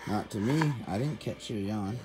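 A man's voice: lowish voice, moderate pace. A young man casually talking to his dogs in a vlog, teasing and exasperated, calling them weirdos. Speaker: dog owner vlogger. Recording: dogs, clicks and noise behind.

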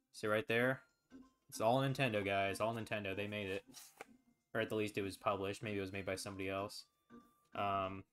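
A man streaming live, chatting casually in a rambling, relaxed way with lots of fillers and the odd swear word. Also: on the low side. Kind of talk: casual chat.

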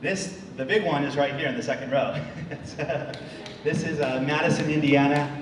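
Man from the states in his forties, faltering storyteller, slightly high voice, far off in a reverberant hall. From United States. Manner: halting, repeats words, restarts often. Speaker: speaker. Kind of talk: storytelling talk to an audience. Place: large hall. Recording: echoey hall, distant mic, faint noise.

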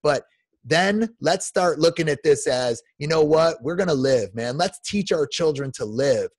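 A man's voice: on the high side, animated, unhurried, slightly rough, no echo. Fortyish male guest, emphatic impassioned rant, dry closely miked voice. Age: 40s. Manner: passionate, emphatic, many restarts and repeats. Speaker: podcast guest.

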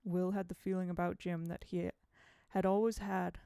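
A woman narrating an audiobook in a measured, expressive reading at a home microphone. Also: lowish voice, vocal fry, clear, resonant tone, no room sound.

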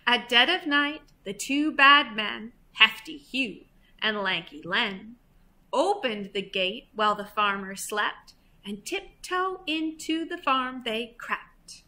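A woman's voice: a little high, expressive, slow pace, bright, forceful tone. A woman reading a children's picture book aloud as a library storyteller, playful and acting out animal sounds.

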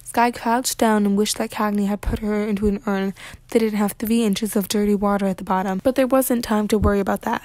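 A woman reading a children's novel aloud with lively, expressive narration. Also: medium pitch, fairly quick, no echo. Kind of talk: read-aloud storybook narration.

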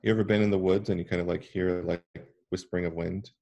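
A man reading a graphic novel aloud to children as a guest reader, with relaxed, chatty asides. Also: low-pitched, quick pace, creaky, highs cut off.

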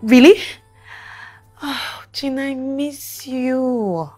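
An actress playing a sick pregnant young wife, weak and breathy. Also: female voice, high-pitched, very slow, soft background music, exaggerated voice. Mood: excited. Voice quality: lively on the phone, weak and whispery when ill.

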